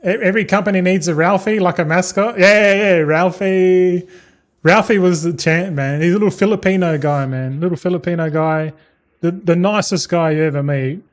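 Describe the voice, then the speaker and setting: A man streaming a game, chatting in a relaxed, rambling way with plenty of swearing and stories. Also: sits high, normal speed. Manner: swears freely, tells anecdotes; laid-back, loose and chatty. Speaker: gaming streamer. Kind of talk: casual rambling stream chat.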